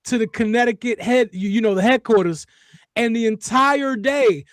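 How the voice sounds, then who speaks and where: High-voiced animated male host. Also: normal speed, no echo, clean studio sound. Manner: animated, profane storytelling. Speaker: podcast host. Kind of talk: casual chat.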